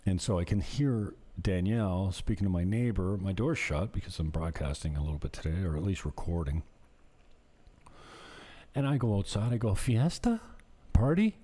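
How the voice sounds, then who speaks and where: Low, dark-voiced man telling stories. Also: moderate pace. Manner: rambling, conversational, laughs while telling stories. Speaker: vlogger and property manager. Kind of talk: casual storytelling to camera.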